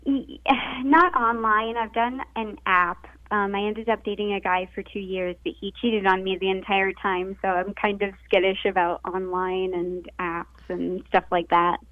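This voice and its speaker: Female caller, 30s, halting and filler-heavy, heard through a thin phone line. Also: mid-range voice, flat delivery, no echo. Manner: hesitant, many fillers. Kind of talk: call-in conversation. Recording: dry tinny phone line.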